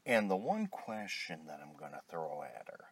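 A man's voice: a bass voice, very animated, moderate pace, slight background noise. A middle-aged man delivering an angry, profane rant, blunt and tired. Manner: angry, blunt, heavy swearing.

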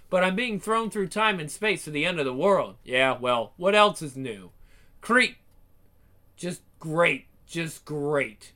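A man voicing a cocky, sarcastic male action hero in a one-man game fan dub, trading one-liners and battle yells. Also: on the high side, full character voice.

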